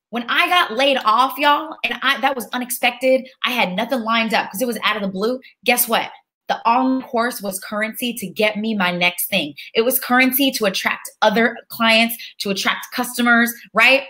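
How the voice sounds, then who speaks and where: A woman with a high-pitched, bright voice teaches a live online webinar. She talks with a preacher's call-and-response energy and keeps the audience engaged by reading their names aloud. The delivery is chatty and upbeat. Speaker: online course instructor.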